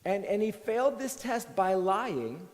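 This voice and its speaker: A man preaching a sermon as pastor, talking in a conversational, animated way with many restarts and repeated words. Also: high-pitched, unhurried, long reverb tail. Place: church.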